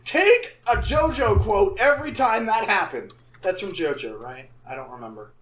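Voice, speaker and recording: A man co-hosting a podcast, chatting casually and joking excitably. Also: sits high, reverberant, a little hiss or hum. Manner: excitable, quick to joke. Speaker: podcast co-host. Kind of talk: casual chat.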